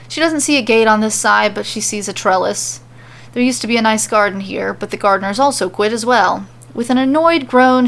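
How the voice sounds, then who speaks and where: Gravelly-voiced woman reading a story. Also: mid-range voice, a bit bright. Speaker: podcast storyteller. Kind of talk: reading fan fiction aloud.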